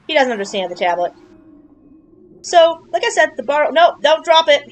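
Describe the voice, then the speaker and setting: A woman with a high, bouncy voice talks through a video game, chatty and jokey, often breaking into exclamations. A faint hiss runs under the recording. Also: expressive, normal speed, pauses often, rough recording. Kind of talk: casual game playthrough commentary.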